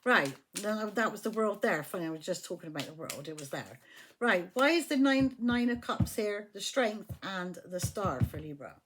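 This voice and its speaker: A woman giving a casual tarot reading from her flat at home, chatty and emphatic, swearing freely as she talks. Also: medium pitch, normal speed, slight background noise. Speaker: tarot reader.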